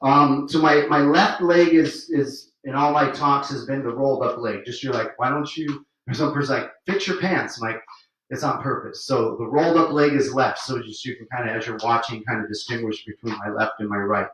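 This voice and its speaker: A man's voice: medium pitch, fairly even intonation, moderate pace, a bit bright, recorded from a distance. A man teaching a livestream swing dance lesson, explaining footwork and counting beats aloud while he demonstrates the steps. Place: room where he dances on camera. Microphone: camera mic at a distance. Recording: echoey room, voice from off-mic.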